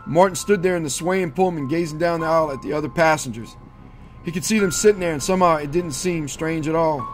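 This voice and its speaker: A male narrator reading a horror story aloud in a measured, steady storytelling manner. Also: on the high side, soft background music. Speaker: audiobook narrator.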